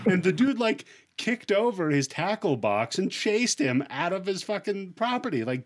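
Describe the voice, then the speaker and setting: Animated man retelling comedy sketches. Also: high-pitched, normal speed, hardly any pauses. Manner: animated storyteller acting out quoted people. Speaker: podcast co-host. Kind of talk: casual chat.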